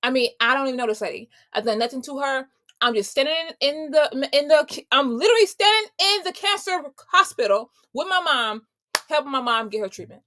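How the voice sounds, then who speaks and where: A woman's voice: high voice, animated, a little fast, sharp tone. A young adult woman life coach telling her viewers a story in a casual, emphatic way, often calling them y'all.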